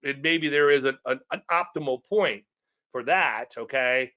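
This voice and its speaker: A man's voice: medium pitch, unhurried, pushed and bright, lo-fi sound. A man with a Cajun Louisiana accent giving a casual trading presentation, repetitive and folksy with self-deprecating asides.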